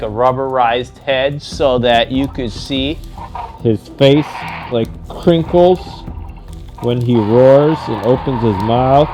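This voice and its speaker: Brief: jokey male toy reviewer, slow unhurried delivery, background music. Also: medium pitch. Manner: playful, laughing, jokey. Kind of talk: toy unboxing vlog.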